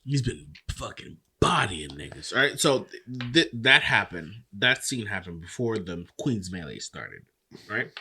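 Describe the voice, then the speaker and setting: A man co-hosting a casual podcast, recapping a story with lots of profanity and animated delivery. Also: on the low side, measured pace, a little hiss or hum. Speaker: podcast co-host. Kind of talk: casual chat.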